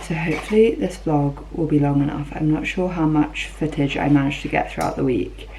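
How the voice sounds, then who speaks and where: A woman's voice: low-pitched, a little fast, creaky, warm tone, poor audio. A young woman casually chatting through her day as a vlogger, showing food and clothes at home. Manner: chatty, matter-of-fact commentary while showing things. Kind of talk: casual vlog chat. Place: home, indoors. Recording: noticeable background noise.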